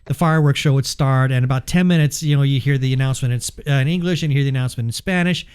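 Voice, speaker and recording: A man co-hosting a tech podcast in casual banter, talking things through with restarts and quick quips. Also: medium pitch, darkish tone, clean tone. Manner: chatty, stumbles and restarts when explaining. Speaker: podcast co-host.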